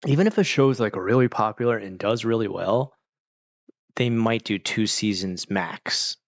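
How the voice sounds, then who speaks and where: A man's voice: fairly low pitch, measured pace, dry recording, highs cut off. A man streaming and chatting casually with viewers, rambling, saying "like" a lot and laughing often. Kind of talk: casual chat.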